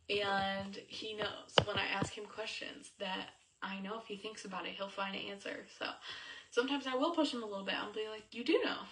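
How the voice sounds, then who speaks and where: Speaking to camera in a relaxed teaching style, a young woman covers faith and marriage as a coach, her chatter full of fillers. She has a mid-range voice with a sharp tone, picked up a little far from the microphone.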